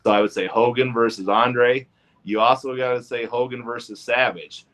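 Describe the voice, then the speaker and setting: A man's voice: medium pitch, fairly even intonation, normal speed, a bit bright. A man, a guest on a podcast, chatting casually and talking at length, piling up dates and figures.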